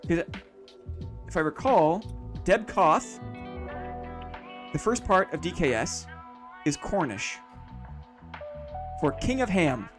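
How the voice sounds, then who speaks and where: A man chatting casually on a late-night game live stream, thinking aloud and repeating phrases to himself. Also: fairly high pitch.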